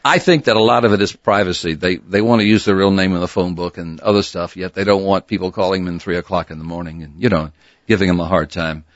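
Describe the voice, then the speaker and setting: A man's voice: low voice, fast, no room sound, dull audio. An older man and former disc jockey, telling stories casually in a radio studio interview and laughing easily. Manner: animated, swings into voices, laughs easily.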